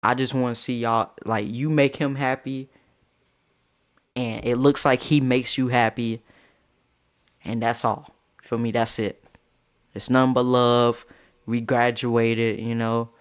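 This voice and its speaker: A man telling a casual storytime, jumping to high squeals of disbelief and dropping to low mutters, laughing through it. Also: level tone, slow pace, pauses often, smooth. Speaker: storyteller vlogger.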